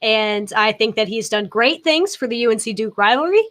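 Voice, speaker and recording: A young woman, a podcast guest, telling an animated story in casual chat, with lots of fillers. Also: fairly high pitch, moderate pace.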